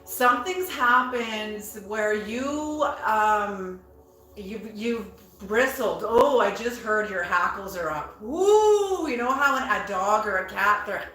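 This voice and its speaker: A woman giving a tarot reading in a slow, musing way, repeating her words and bursting into excitement now and then. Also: mid-range voice, echoey room, low-quality recording. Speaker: tarot reader.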